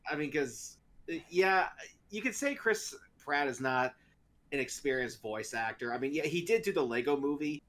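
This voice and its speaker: A man's voice: a little high, animated, normal speed, a bit bright. Hesitant man chatting on a podcast. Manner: rambling, hesitant with many fillers. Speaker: podcast co-host. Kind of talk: casual chat.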